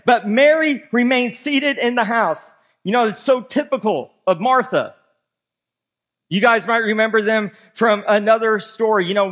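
A man with a very high voice for a man preaches a sermon. He reads scripture aloud and puts emphatic weight on each point as he works through the verses. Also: a bit bright. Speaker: pastor.

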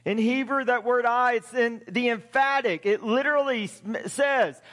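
A man's voice: very high voice, moderate pace, few pauses, fairly bright tone, long reverb tail. A man in his forties preaching a sermon as pastor, conversational and emphatic, with frequent rhetorical questions.

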